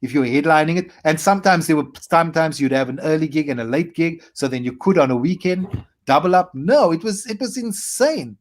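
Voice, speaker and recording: A South African man in his forties, a comedian guest, telling animated stories with quick asides. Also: fairly high pitch. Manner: animated anecdotes with quick asides and playful acted quotes. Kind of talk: storytelling interview.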